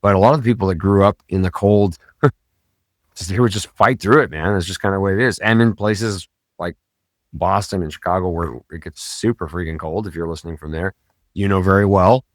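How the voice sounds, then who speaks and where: A man's voice: low-pitched, fairly even intonation, fairly quick, no echo, studio quality. A man hosting a podcast, talking in a casual, rambling way with many fillers and self-corrections. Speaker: podcast host.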